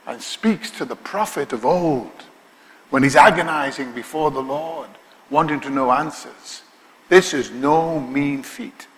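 A man preaching a sermon, his voice bright and forceful. He speaks with emphasis, often putting questions to the congregation. Long reverb from a large church hall hangs behind his words. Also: mid-range voice. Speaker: pastor.

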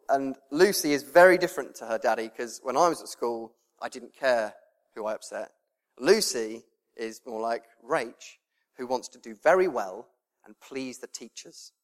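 A male preacher, giving a sermon with lively storytelling and laughter. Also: medium pitch. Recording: long reverb in a hall.

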